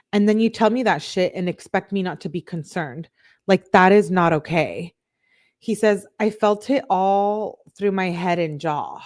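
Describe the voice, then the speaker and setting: A woman's voice: fairly low pitch, darkish tone. A woman hosting a true crime channel, reading text messages aloud in a casual way and breaking off for chatty asides full of fillers.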